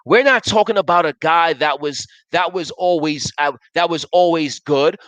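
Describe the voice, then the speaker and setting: Emphatic sports talk host, dry sound. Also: male voice, high voice, a bit bright, no room sound, poor audio. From Buffalo area, US. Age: 30s. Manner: emphatic, repetitive, restarts sentences. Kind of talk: live sports talk show, reading viewer comments.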